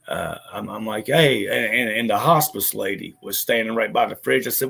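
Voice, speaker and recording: A man's voice: lowish voice, normal speed, vocal fry, few pauses, fairly bright tone, slightly rough. A man telling a personal story in a bitter, profane way, with lots of stammered restarts. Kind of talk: casual spoken monologue.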